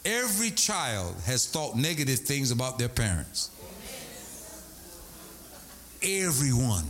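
Animated middle-aged male preacher. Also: medium pitch, moderate pace, few pauses, soft background music. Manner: animated preaching with sing-song swells and storytelling asides. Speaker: pastor. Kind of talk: sermon.

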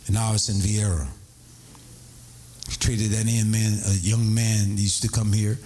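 A middle-aged man, a pastor telling a story in a sermon, animated and prone to high excited cries. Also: measured pace.

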